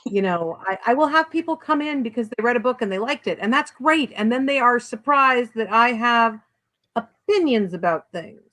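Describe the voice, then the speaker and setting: A woman's voice: fairly high pitch, animated, moderate pace, fairly bright tone, low-quality recording. A woman author being interviewed in a casual chat, talking bluntly and animatedly, with self-deprecating humor. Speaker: author guest.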